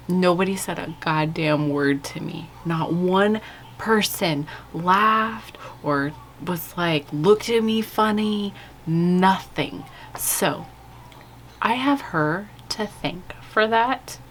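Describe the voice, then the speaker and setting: Slow-talking woman chatting through her makeup. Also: mid-range voice, a little hiss or hum. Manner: chatty, rambling, candid, frequent "like" and "you guys". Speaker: beauty vlogger. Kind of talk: casual chat while doing makeup. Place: home with kids' video playing behind.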